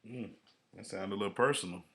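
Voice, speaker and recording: Laid-back bright-voiced podcast host man. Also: lowish voice, fairly quick, creaky. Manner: laid-back, rambling with many fillers. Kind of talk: casual podcast chat.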